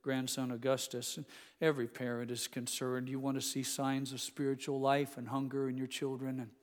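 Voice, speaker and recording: A man in his sixties preaching a sermon, rising to loud emphatic declarations and dropping to hushed, intimate storytelling. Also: medium pitch, monotone, moderate pace, in a large hall. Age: 60s. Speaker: pastor.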